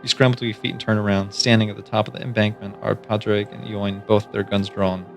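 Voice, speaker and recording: A man streaming live, reading a gamebook aloud in hushed, low-key second-person narration. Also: flat delivery, a little fast, creaky, faint music behind.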